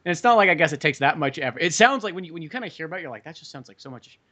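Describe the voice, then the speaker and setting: A man's voice: a little high, lively intonation, racing, sharp tone, lo-fi sound. A man co-hosting a podcast, chatting casually and laid-back with frequent swearing. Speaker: podcast co-host. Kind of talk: casual chat.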